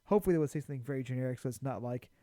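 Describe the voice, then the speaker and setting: A man's voice: medium pitch, very fast, warm tone, no echo, studio quality. A man co-hosting a casual podcast chat. He speaks bluntly and swears casually. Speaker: podcast co-host.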